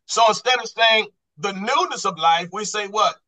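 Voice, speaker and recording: Male Bible study teacher, high and bright, quizzing style, repeats and restarts. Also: moderate pace, poor audio. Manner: quizzing the class with repeated questions; restarts and repeats words when stressing a point. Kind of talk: Bible study lesson on Greek grammar.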